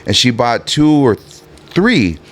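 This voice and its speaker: A rapper in his fifties from California's Los Angeles harbor area tells stories as a podcast guest. His mid-range voice swings widely in pitch at a measured pace, and he rambles laid-back with many fillers and restarts in this casual interview.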